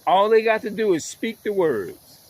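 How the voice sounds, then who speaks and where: Emphatic, high-voiced ranting man. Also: very animated, normal speed, darkish tone. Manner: emphatic, repetitive, swearing. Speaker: vlogger. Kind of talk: ranting monologue.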